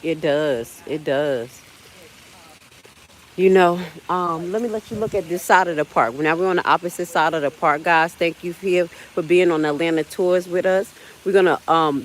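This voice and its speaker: A woman's voice: on the low side, lively intonation, moderate pace, a little hiss or hum, rough recording. Chatty woman in her forties on a walk. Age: 40s. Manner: chatty, talks straight to viewers as "y'all" and "baby"; walking and climbing while talking, gets winded. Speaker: livestream host. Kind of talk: casual live walking vlog. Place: outdoor city park.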